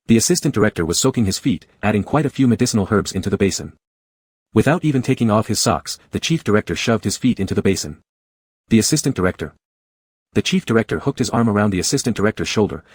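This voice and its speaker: Guy reading a comic love story, low voice, husky, dry close sound, even pace. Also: no echo. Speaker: narrator. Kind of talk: scripted story narration.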